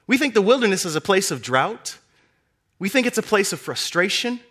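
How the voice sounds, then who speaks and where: Lively high-voiced male preacher. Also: moderate pace. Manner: animated storytelling, acting out characters with big pitch swings. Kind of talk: sermon.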